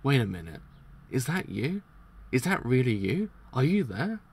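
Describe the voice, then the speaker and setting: An anxious young woman searches and calls out, wary and questioning. A man reads her out, lifting his gravelly voice higher. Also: very animated, moderate pace, darkish tone, full character voice.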